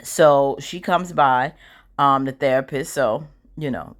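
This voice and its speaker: A woman's voice: very deep voice, slow pace. A woman giving a casual, opinionated recap of a TV drama, chatting freely and acting out bits of scenes as she goes.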